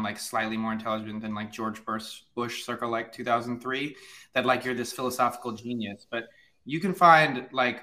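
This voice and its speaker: A man's voice: mid-range voice, bright, forceful tone. A man on a panel over a video call, chatting in a wry, conversational way. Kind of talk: casual panel chat.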